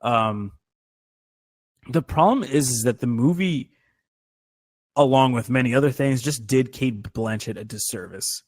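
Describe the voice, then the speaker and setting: Male co-host, casual rambling film talk, mid pitch, dry booth sound. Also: unhurried, pauses often, dry recording. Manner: rambling, filler-heavy, swears freely. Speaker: podcast co-host. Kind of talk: casual movie chat.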